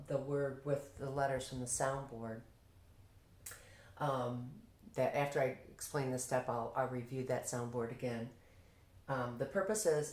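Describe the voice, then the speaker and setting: A woman reading teacher explaining her teaching method, demonstrating classroom prompts in a lively voice. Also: deep voice. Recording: echoey room.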